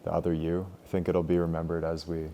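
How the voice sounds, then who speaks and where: A man's voice: low voice, quick pace, slight background noise. A young man leading a group meditation class in a casual, loose way, full of filler words. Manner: relaxed, loose, many "like" fillers. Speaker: meditation teacher.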